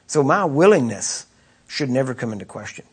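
A man's voice: mid-range voice, sing-song, normal speed, breathy edge. A man preaching a sermon in a conversational way, often asking the congregation rhetorical questions. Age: adult with children.

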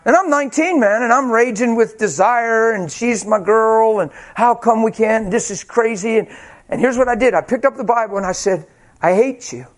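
A man preaching a sermon tells his own story in a high voice at a moderate pace. He gets animated, jokes at his own expense, and gives each quoted line its own performance.

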